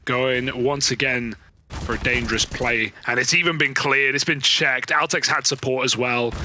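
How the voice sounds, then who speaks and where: A man calling an esports match play by play, rattling off the action in a quick, running description with the odd playful aside. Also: mid-range voice, steady tone, bright, forceful tone, a little hiss or hum. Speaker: esports caster. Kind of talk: play-by-play commentary.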